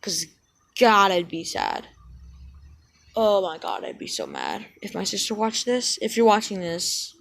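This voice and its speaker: Rambling, self-deprecating woman with a breathy voice. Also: medium pitch, very animated, measured pace, fairly bright tone. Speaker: channel owner. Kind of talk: casual rambling vlog intro. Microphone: cheap headset.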